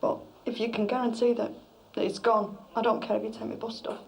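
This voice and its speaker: A woman's voice: a little high, little pitch movement, brisk, creaky. A woman patient talking anxiously and insistently with her consultant. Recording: slightly noisy, distant 1980s documentary audio.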